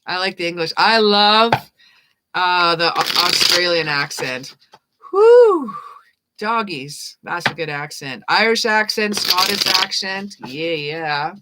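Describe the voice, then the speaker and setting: A woman's voice: fairly low pitch, unhurried, heavy background noise. A woman giving a live-stream tarot reading as host, talking in an upbeat, playful and affirming way. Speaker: tarot reader.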